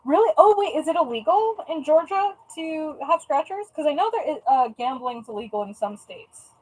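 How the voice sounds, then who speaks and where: A young woman with a high, light voice chats casually on a live stream as she packs orders at home. She is playful and talkative and keeps up an easy running commentary. She speaks like someone from the US West Coast. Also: animated, moderate pace, a little mellow, low-quality recording. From US Pacific time zone. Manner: chatty and playful, tries out joking Spanish phrases. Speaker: live-stream host and online shop seller.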